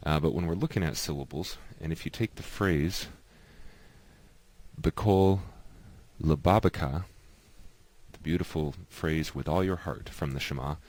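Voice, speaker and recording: A man giving a patient, explanatory lesson, slowly repeating each example word. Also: rumbling low, a little mellow. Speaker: teacher.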